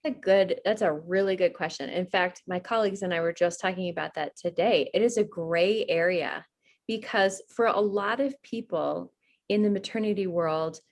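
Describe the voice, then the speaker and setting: A woman's voice: fairly low pitch, normal speed. Earnest woman midwife explaining. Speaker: guest, certified nurse midwife. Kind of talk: conversational interview.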